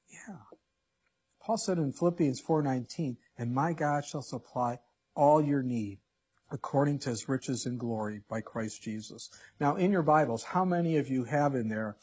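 A male pastor preaching a sermon, reading scripture and swinging between loud emphatic lines and hushed ones. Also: medium pitch, normal speed, slightly rough.

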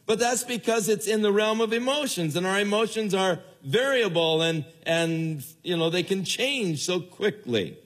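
An older man preaching a sermon in an earnest way, with his voice falling low and soft at the ends of phrases. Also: normal speed, hardly any pauses. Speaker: pastor.

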